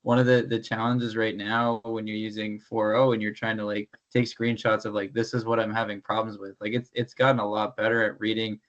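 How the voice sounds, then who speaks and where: A man's voice: lowish voice, little pitch movement, fairly quick, few pauses, muffled recording. A man in a casual discussion, thinking aloud in a level way. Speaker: participant.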